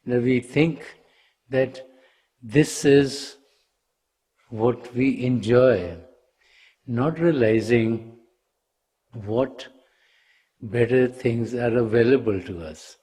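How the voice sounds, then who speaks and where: A man's voice: medium pitch, takes it slowly, pauses often, mellow, husky. A man giving a spiritual talk as a teacher, telling a parable in a conversational way and often saying "you know".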